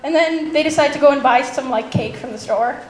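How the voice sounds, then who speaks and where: High-voiced giggly woman chatting. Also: fairly quick, a little mellow. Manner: giggly, chatty, acts out quotes in a higher voice. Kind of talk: casual chat. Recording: roomy echo, faint background noise.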